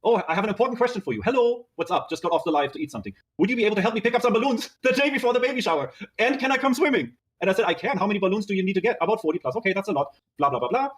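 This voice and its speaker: A man with a high voice talking at a very fast clip. He reads out an old text-message argument line by line, narrating who said what. He swears freely between the messages. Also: lively intonation, a little hiss or hum. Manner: rapid reading aloud, swearing, narrating "she says, I said". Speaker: guest reading out his text messages. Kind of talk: fast recounting of a dispute.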